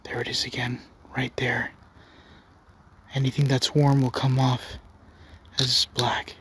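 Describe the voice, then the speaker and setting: A man's voice: medium pitch, flat delivery, a little slow, husky. A man exploring a forest at night with a camera, talking tensely and often in a whisper. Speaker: paranormal investigator.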